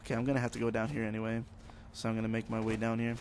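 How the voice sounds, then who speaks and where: A man's voice: fairly low pitch, completely flat delivery, racing, darkish tone, slight background noise. A young man casually commenting on his own video game as he plays, rambling, joking and talking to himself. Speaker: let's play gamer.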